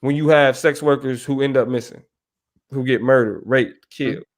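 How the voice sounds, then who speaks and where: A man's voice: medium pitch, fairly even intonation, moderate pace. A man co-hosting a casual podcast discussion, talking emphatically and checking in with his listener. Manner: emphatic, keeps asking "you feel me". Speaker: podcast co-host.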